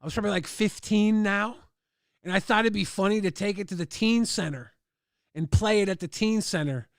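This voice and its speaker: A man's voice: high voice, a little fast, dry recording, studio quality. A man hosting a livestream, rambling through crude anecdotes with loose fillers and acting out other people's lines in raised voices. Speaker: livestream host. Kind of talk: casual storytelling.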